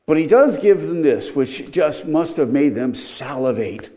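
Man, middle-aged, preacher, emphatic sermon, lively intonation, higher-pitched. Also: a little slow. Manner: animated, emphatic, voice rising and dropping sharply. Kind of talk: expository sermon.

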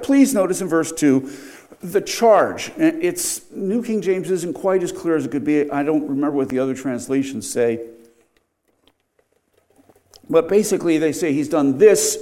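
A man's voice: fairly high pitch, darkish tone. A middle-aged man preaching an expository sermon, emphatic, his voice rising and dropping sharply.

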